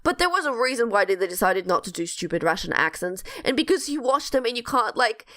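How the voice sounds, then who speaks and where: A woman's voice: fairly high pitch, big pitch swings, fast, a bit bright. A woman co-hosting a podcast, chatting casually and ranting, rambling with many restarts. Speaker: podcast co-host. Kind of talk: casual chat.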